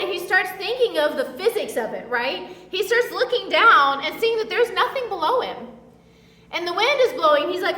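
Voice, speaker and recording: A woman's voice: very high voice, expressive, normal speed, bright, forceful tone, reverberant, big-room sound, distant mic. A woman preaching a casual sermon in a chatty, filler-heavy way, acting out the voices she quotes. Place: church.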